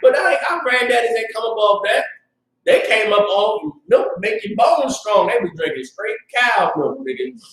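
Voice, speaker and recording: A high-voiced man with a Southern US accent preaches in a fiery, loose street style, breaking into shouts at his peaks. He stands back from the mic in a very echoey room. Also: lively intonation, normal speed. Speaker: class teacher. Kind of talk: preaching class, casual street talk. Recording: roomy echo, distant mic.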